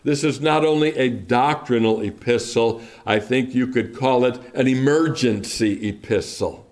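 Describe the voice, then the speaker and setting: Male pastor, mid-pitched voice, slow and deliberate sermon delivery with emphatic repetition. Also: a little mellow.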